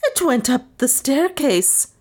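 A woman voicing a hysterical, terrified woman servant in a shrill, squealing voice. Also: animated, measured pace.

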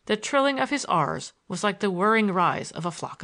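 A woman narrating a first-person novel as an audiobook, reading in a measured, expressive way. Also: medium pitch.

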